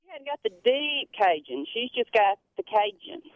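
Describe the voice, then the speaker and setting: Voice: mid-range voice, very animated, moderate pace, dry recording. A radio show co-host talking plainly and matter-of-factly. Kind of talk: casual radio chat. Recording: dry, tinny lo-fi sound.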